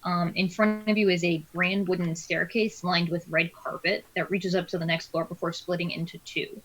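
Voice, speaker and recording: A woman narrating as game master of a tabletop game, pausing often with fillers as she describes places. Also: lowish voice, level tone, poor audio. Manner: hesitant, many filler pauses.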